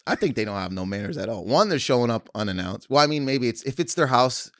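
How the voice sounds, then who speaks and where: A man's voice: mid-range voice, expressive, fast, no room sound, studio quality. A man co-hosting a comedy podcast, telling rambling stories in casual chat and laughing often. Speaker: podcast co-host.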